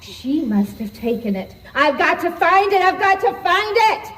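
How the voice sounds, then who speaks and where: A woman's voice: extremely high pitch, very animated, a little slow, fairly bright tone, exaggerated voice, low-quality recording. A woman playing a power-hungry, scheming female vizier sorceress in a live stage show, with theatrical, gloating delivery. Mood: panicked. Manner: gloating and theatrical, turning frantic.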